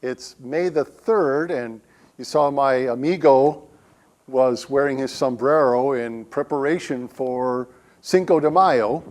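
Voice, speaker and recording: A man's voice: mid-range voice, slow pace, darkish tone. A man, a guest speaker, giving a conversational sermon in a church with humorous stories. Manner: humorous storytelling, acts out quotes. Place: church sanctuary.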